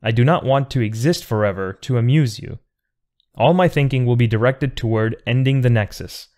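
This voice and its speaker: A man's voice: medium pitch, normal speed, darkish tone, lightly acted. A man reading an audiobook, voicing a thoughtful, defiant man in an earnest, precise, argumentative way.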